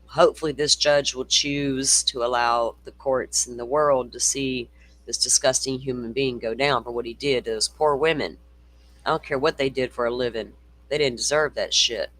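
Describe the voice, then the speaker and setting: A man's voice: medium pitch, steady tone, normal speed, a bit bright. A middle-aged man hosting a casual true-crime livestream, swearing freely and reading viewer comments aloud. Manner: profane, ranting, reads viewer comments aloud.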